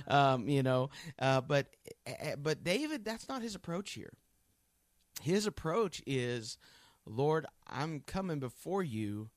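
A man's voice: mid-range voice, no echo, clean studio sound. A man giving a conversational Bible teaching, earnest and folksy, thinking aloud as he goes.

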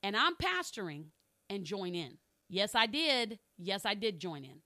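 A woman's voice: medium pitch, big pitch swings, measured pace, pushed and bright, no room sound, clean studio sound. A middle-aged woman pastor preaching a sermon, telling a candid personal story and repeating phrases for emphasis.

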